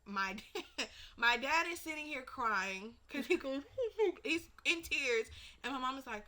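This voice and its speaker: A woman telling a personal family story in a documentary interview, animated, acting out her relatives' words and dropping from loud to hushed. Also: sits high, measured pace. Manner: animated, acts out family members' lines, swings between loud and hushed.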